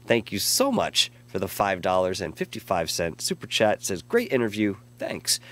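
A man's voice: deep voice, sing-song, normal speed, a bit bright. A man hosting a casual live stream, rambling and effusive as he reads out chat messages and thanks viewers. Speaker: live show host.

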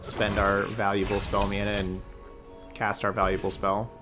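A man's voice: on the low side, monotone, moderate pace, over music. A man streaming a card game, giving casual commentary as he plays, thinking aloud and correcting himself as he goes.

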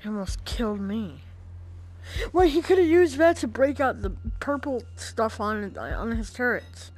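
A woman's voice: fairly high pitch, expressive, unhurried, darkish tone, low-quality recording. A woman giving casual commentary while playing a video game, reacting with frustrated exclamations. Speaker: gamer. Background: game music.

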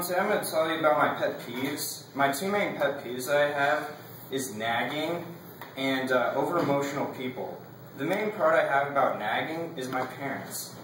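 A young man rambling through a casual class speech, leaning on "like" and laughing between his points. His voice sits a little high. The sound is echoey and distant, picked up from across a classroom with clear background noise. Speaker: student giving a speech.

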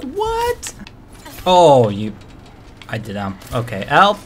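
A man giving excitable let's-play commentary, trash-talking and breaking into shouted outbursts. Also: mid-range voice, slow, a little hiss or hum. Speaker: gamer and video creator.

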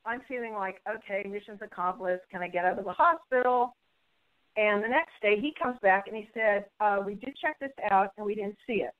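A woman guest telling a personal story in an interview, bubbly and animated, acting out what others said. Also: medium pitch, a little fast, narrow, tinny audio. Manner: bubbly, animated storyteller who acts out quoted voices.

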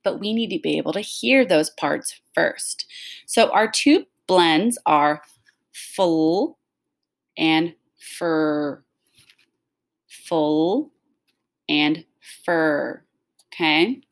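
A woman's voice: low-pitched, slow, vocal fry. A woman teaching a recorded phonics lesson to young children, talking patiently and stretching out the sounds of words.

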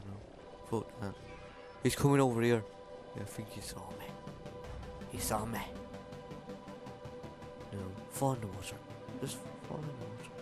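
A young man shouting, laughing and swearing through panicky let's play commentary. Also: mid-range voice. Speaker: gaming channel host. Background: game music.

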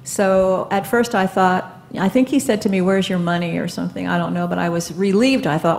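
Older lady talking onstage, lowish voice, stops and restarts a lot, faint noise behind. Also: fairly even intonation, creaky, a little mellow. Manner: earnest, halting, many fillers and restarts. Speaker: guest speaker. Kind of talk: live onstage testimony. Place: live event stage before an audience.

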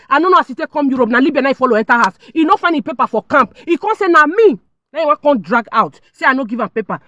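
A woman's voice: high-pitched, fairly bright tone, dry recording. A young adult woman with a Nigerian accent, telling a personal story to her viewers in a dramatic, emphatic way and speaking to them directly. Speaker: vlogger.

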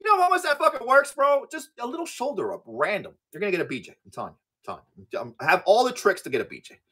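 Lively, bright-voiced joking man. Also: sits high, fast, slightly rough. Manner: crude joking banter, laughs often; repeats words, talks in bursts. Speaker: livestream seller host. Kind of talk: casual livestream chat.

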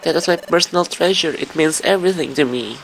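A man's voice: on the high side, fast talker, creaky, a bit bright, slight background noise, pitched above the performer's own voice, poor audio. Worried young fox hero, voiced by a man, pleading, slightly raised voice.

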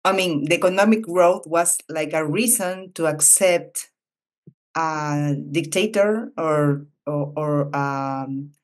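A woman in the audience asking a question hesitantly, with many pauses. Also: low voice. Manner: hesitant, many fillers and restarts.

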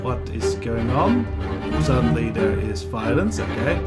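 A man's voice: medium pitch, big pitch swings, unhurried, loud music behind the voice. A man giving casual, chatty commentary while playing a video game, with self-deprecating asides. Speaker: let's play host.

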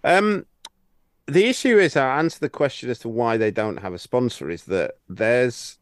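A man's voice: medium pitch, expressive, normal speed, clean tone, no room sound, clean studio sound. A man who coaches tennis, explaining things on a podcast with anecdotes and restarts. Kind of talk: casual podcast chat.

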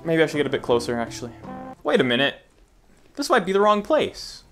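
Male gamer, jokey rambling commentary, panicky shouts, lively pitch, faint music behind. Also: fairly quick. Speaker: VR gaming YouTuber. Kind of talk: gameplay commentary.

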